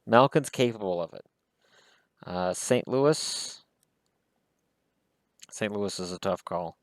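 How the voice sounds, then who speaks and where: Wry, rambling man with a low voice. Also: expressive, takes it slowly, dry recording. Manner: rambling, wry, self-deprecating asides. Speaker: hockey commentator. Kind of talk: casual solo commentary.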